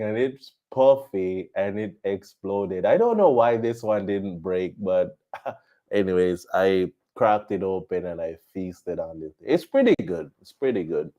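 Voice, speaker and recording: A man who flies as a missionary pilot, chatting to viewers on a live stream and telling stories in an animated way. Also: low voice, measured pace, lo-fi sound. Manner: animated storytelling with laughs.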